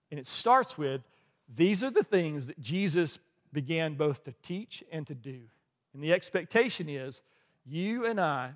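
High-voiced man preaching in a reverberant hall. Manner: animated preaching with asides and laughs. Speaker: pastor. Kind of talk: sermon. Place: church sanctuary.

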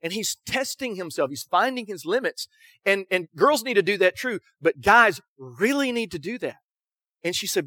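Middle-aged male pastor, high bright voice, dry close sound, conversational sermon with acted-out quotes. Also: sing-song, dry recording. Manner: storytelling with quick acted quotes and frequent "right?".

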